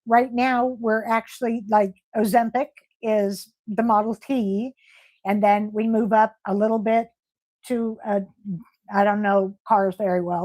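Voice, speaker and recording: Slow-talking, effusive woman hosting a live stream. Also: on the high side, darkish tone. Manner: effusive, reads viewer comments aloud and answers them; emotional, gushing with praise. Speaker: livestream host. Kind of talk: casual live-stream chat.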